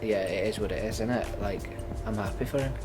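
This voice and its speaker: A man's voice: lowish voice, quick pace, over music. A young man, a new father chatting casually and joking on his vlog. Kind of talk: casual chat.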